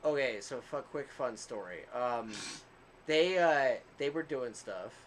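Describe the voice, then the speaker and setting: A man's voice: medium pitch, expressive, slow pace, a little hiss or hum. A man co-hosting a casual podcast, telling a long rambling story with frequent laughs and asides. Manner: self-described quieter one. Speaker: podcast co-host.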